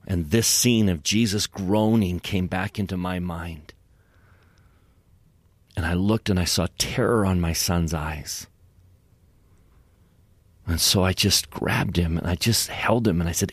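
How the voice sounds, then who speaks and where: A man telling an earnest, emotional devotional story about his son, dropping to soft hushed tones at tender moments. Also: deep voice, measured pace, pauses often, breathy edge, dry recording. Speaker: scripture podcast guest.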